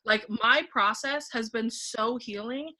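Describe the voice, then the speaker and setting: Bright-voiced woman telling a story. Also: on the high side, slow pace. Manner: animated, replays her own thoughts aloud, frequent "like". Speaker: podcast guest, painting facilitator. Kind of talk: casual conversational storytelling.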